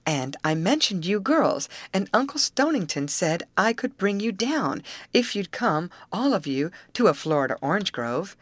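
A woman voicing a quiet, shy teenage girl who speaks gently and hesitantly. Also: mid-range voice, big pitch swings, normal speed, few pauses, no echo, voice pushed up.

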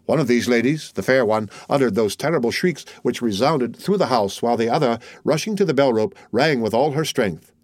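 A male narrator reads a classic novel in a steady, measured voice at a middle pitch. The recording is dry and close, with no room sound. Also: no echo. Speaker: audiobook narrator. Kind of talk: scripted narration.

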